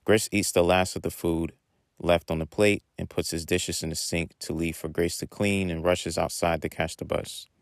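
A man reading a short story aloud in a plain, unhurried way. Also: sits low, flat delivery, no echo.

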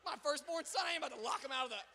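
A young man preaching a sermon as pastor, swinging between loud proclaiming and quiet storytelling. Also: very high voice, expressive, rapid-fire, slight background noise. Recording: long reverb of a large hall.

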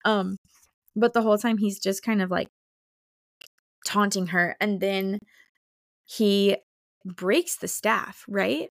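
Animated young woman chatting about a book. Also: mid-range voice, slow, pauses often, no room sound, clean studio sound. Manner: animated, reads book passages aloud and acts out characters. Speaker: podcast co-host. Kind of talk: casual book-club chat.

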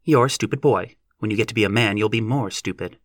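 A man voicing a sharp, jealous young woman of nineteen who speaks in a snappish, scornful way. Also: lowish voice, fast talker, dry recording, clean studio sound, close to an everyday voice.

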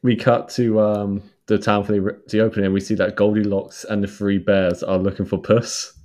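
A man with a low voice retells film scenes in a relaxed podcast chat. He laughs often and pitches up when he quotes the characters. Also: normal speed. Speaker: podcast co-host. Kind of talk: casual film review chat.

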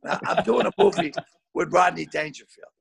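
An older man over sixty telling loud, swearing anecdotes as a comedian guest over a video call, often repeating words as he goes. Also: high-pitched, brisk, creaky, husky. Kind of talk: storytelling anecdotes.

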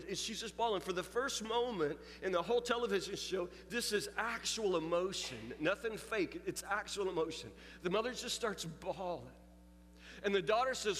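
A man with a high voice delivers a sermon, telling a story with confessional candor and building force. His words ring out with a long hall reverb, and soft music plays underneath. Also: animated, normal speed. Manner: storytelling, confessional, rising intensity. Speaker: preacher.

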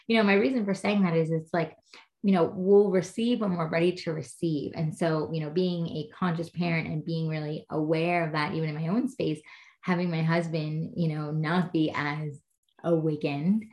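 A woman in her thirties, a podcast guest, chatting casually in a rambling way with many "you know" fillers and acting out quoted dialogue. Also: lowish voice. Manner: earnest, acts out quoted dialogue. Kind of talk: casual chat.

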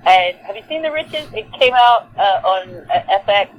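A woman with a Southern accent from Texas, a lead singer chatting as a guest in a casual interview, animated and full of fillers and restarts. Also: mid-range voice, normal speed, dull audio. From Texas, USA.

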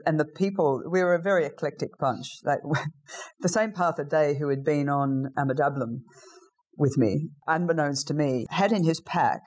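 A middle-aged Australian woman, a guest in an interview, telling lively anecdotes in a casual way. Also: low-pitched. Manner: lively anecdotal storyteller, acts out quoted lines.

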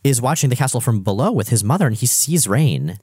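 A man's voice: medium pitch, a little fast, slightly rough, no room sound. Chatty guy recapping comics, voice jumps around a lot, super dry sound. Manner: animated, wry, chatty. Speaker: podcast co-host. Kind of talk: casual comic-book chat.

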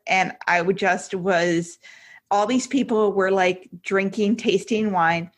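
A woman in her forties, a podcast guest, telling her story openly and emotionally, with many fillers and quick asides. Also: mid-range voice, fairly even intonation. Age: 40s. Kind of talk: candid personal story in an interview.

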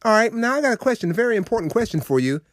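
A man's voice: high voice, sing-song, rapid-fire, a bit bright, dry recording, clean studio sound. A man preaching a radio sermon, folksy and preachy, talking straight to his listeners.

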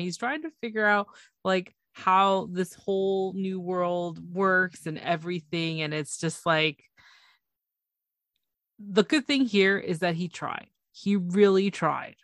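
A woman co-hosting a casual chat, relaxed and amused, laughing along as she shares her reactions. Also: medium pitch, takes it slowly, no room sound, clean studio sound. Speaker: podcast co-host.

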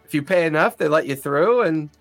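Male game master, relaxed descriptive narration, slightly high voice. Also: brisk, creaky, faint music behind. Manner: descriptive, loose, with many fillers.

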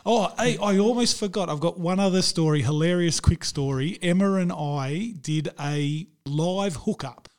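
A man's voice: high-pitched, moderate pace, hardly any pauses. A man with an Australian accent hosting a podcast, telling funny stories in a casual chat and laughing often. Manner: animated storyteller, laughs often. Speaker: podcast host.

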